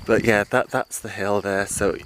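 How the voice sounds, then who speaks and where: A man presenting a walking vlog outdoors on a rural hillside, talking into a handheld camera and exclaiming often with excitement. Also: on the low side, normal speed. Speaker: travel vlogger. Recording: outdoor noise with insects chirping. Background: insects and crickets.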